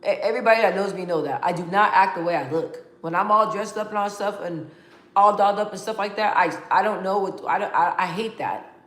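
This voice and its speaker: In a roomy, echoing space, a young adult woman vlogs with casual, heartfelt candor at a brisk pace and medium pitch. She rambles emotionally, frequently restarting and repeating words.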